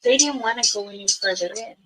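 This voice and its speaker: A woman elder telling a rambling spiritual story on a livestream, her voice jumping suddenly up in pitch. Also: fast talker, bright, forceful tone, low-quality recording. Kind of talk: casual spoken storytelling on a livestream. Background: music.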